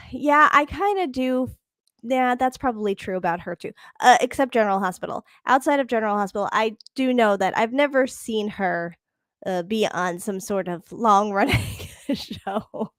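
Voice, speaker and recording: A woman's voice: a little high, normal speed, fairly bright tone, no room sound, studio quality. A woman co-hosting a podcast in casual chat, laughing often and searching for words. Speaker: podcast co-host.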